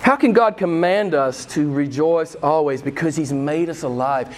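A male pastor delivering a sermon in a high-pitched voice. He preaches with fervor, doubling back on phrases to drive them home. His delivery swings between loud, emphatic bursts and slow, quieter lines.

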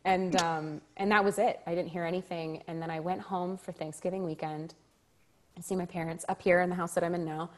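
A woman with a slightly low voice tells a story as an interview guest. She is animated and laughs often, and she acts out the lines of the people she quotes. She speaks as an actor recalling her own experiences. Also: fairly quick.

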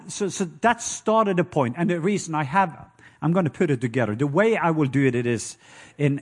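A middle-aged man with a Norwegian accent preaching a sermon, telling stories with lively call-and-response and acting out sounds with loud hoots and croaks. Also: on the high side. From Norway. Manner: animated storytelling with call-and-response.

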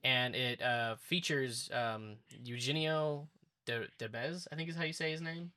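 A man hosts a laid-back podcast chat with a bright, forceful voice. He hesitates often and restarts his sentences as he leads the segment. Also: mid-range voice, unhurried. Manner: hesitant, many fillers and restarts. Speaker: podcast host. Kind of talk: casual conversation.

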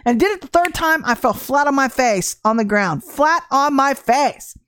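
A middle-aged woman giving an informal testimony sermon on a livestream, animated and storytelling, with laughter and acted-out quotes. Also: sits high, moderate pace. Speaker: livestream minister.

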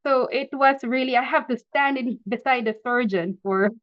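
A woman's voice: a little high, moderate pace, no echo, lo-fi sound. Laughing woman telling her story. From Philippines. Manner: animated, laughs often, frequent restarts. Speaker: podcast guest. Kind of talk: casual interview storytelling.

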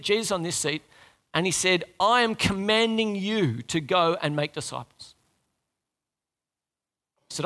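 A man's voice: sits high, creaky, bright, forceful tone. A man preaching a sermon to his congregation in a conversational way, asking them questions and talking to them directly.

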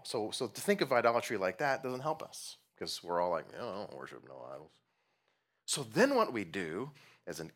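A middle-aged man preaching a sermon as pastor, earnest and emphatic, slowing down and dropping to near-whispers on key phrases, with light humorous asides. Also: lowish voice, a bit bright.

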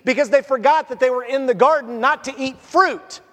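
High-voiced man preaching in a reverberant hall. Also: normal speed. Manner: animated, conversational preaching. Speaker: pastor. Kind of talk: sermon.

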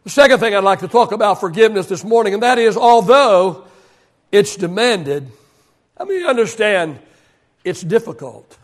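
A man's voice: high-pitched, lively intonation, normal speed. A male pastor preaching a sermon to his congregation, repeating key phrases for emphasis. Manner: preaching with emphatic repetition, leading the congregation in call-and-response. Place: church service.

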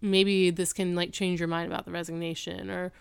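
A woman's voice: lowish voice, level tone, brisk, gravelly, smooth. A woman co-hosting a podcast in casual chat, giggly and chiming in to build on the story. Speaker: podcast co-host.

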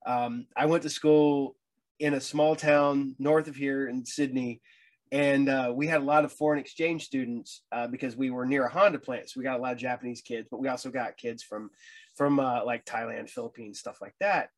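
A man's voice: mid-range voice, steady tone, moderate pace. A middle-aged man hosting a casual chat, stammering and restarting as he tells stories and acts out what people said. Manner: chatty storyteller, stammers and restarts, acts out quoted voices. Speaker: host.

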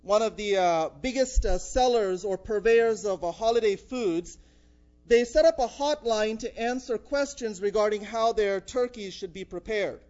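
Male preacher, high voice, conversational sermon, muffled lo-fi sound. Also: moderate pace, darkish tone. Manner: conversational preaching with frequent "uh" fillers. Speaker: pastor.

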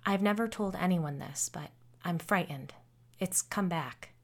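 A woman's voice: on the low side, a little slow. A woman voicing a friendly, self-deprecating grown woman who is frightened of something from her childhood, in a storybook reading. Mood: uneasy. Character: nervous grown woman haunted since childhood.

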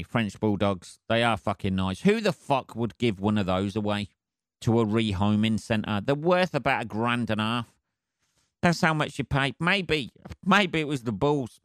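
A man's voice: fairly low pitch, a bit bright, no room sound, clean studio sound. A man hosting a solo podcast, rambling casually with heavy swearing and laughing at his own jokes. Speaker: podcast host.

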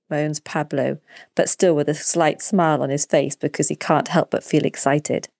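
A woman narrating a children's story as the storyteller, in a clear and deliberate way. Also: sits low, fairly even intonation, darkish tone, no room sound, studio quality.

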